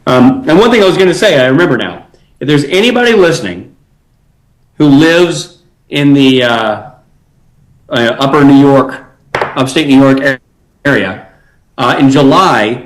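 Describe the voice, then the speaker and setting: A man's voice: medium pitch, low-quality recording. A man from Nashville, Tennessee, guest on an interview, talking in an easygoing, chatty way with many fillers. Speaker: actor guest. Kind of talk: casual interview.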